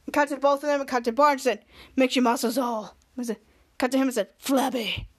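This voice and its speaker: Dim hulking villain guy, read by a woman, flat and blunt. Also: sits high, brisk. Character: big dim male towel-stealing villain.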